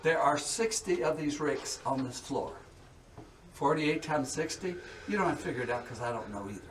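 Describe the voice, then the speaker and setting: A man's voice: on the high side, normal speed. A man leading a distillery tour for a group, folksy and chatty, often checking in with the listeners. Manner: folksy, checks in with "okay?" and "all right?". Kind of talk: guided tour talk to a group. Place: distillery warehouse and tasting room. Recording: distant and noisy tour recording.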